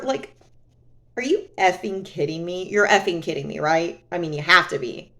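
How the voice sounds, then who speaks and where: A woman's voice: on the low side, expressive, moderate pace, fairly bright tone. A woman vlogging to camera in a casual, sarcastic, exasperated way.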